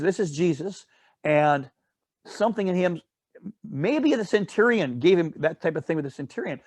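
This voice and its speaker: A man's voice: on the high side, no echo. A man leading a casual Bible study. He retells a story in a rambling way, with asides and self-corrections, and often checks in with "all right?".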